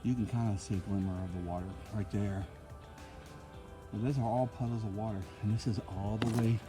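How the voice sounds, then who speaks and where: A man's voice: fairly low pitch, steady tone, brisk, over music. A man walking through his home while filming, talking in a rambling, conversational way and repeating himself. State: short of breath at times. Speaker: homeowner vlogger. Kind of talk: casual walkthrough video. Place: inside his house and outside in the yard.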